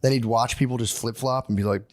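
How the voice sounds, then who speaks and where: A man's voice: mid-range voice, steady tone, quick pace, a little mellow. Dude rambling on a podcast, swears a lot, does dumb little voices when he quotes people. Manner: loose, profane, slips into goofy quoted voices. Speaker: podcast co-host. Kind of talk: casual chat.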